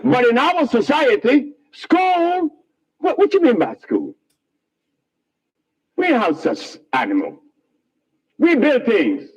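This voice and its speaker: A man telling his life story in a rambling, animated way, often laughing at his own remarks. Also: extremely high pitch, slow, pauses often, slightly rough, muffled recording.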